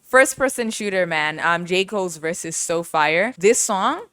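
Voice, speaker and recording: A young woman hosting a casual music podcast, animated, laughing often and mimicking voices as she talks. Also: fairly low pitch, unhurried, dry recording, clean studio sound. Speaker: podcast host.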